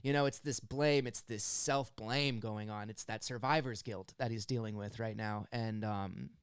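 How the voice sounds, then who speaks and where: A young man from the United States hosting a music reaction, talking in an earnest, halting way and near tears as he breaks down a song. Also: fairly low pitch, steady tone, clear, resonant tone, dry recording, clean studio sound. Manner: earnest, halting, stumbles over words. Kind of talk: emotional song analysis.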